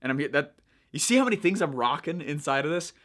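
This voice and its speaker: A young man coaching viewers in a chatty, energetic way, checking in with "right?" as he explains. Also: a little high, fast. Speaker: online marketing coach. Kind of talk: casual teaching monologue.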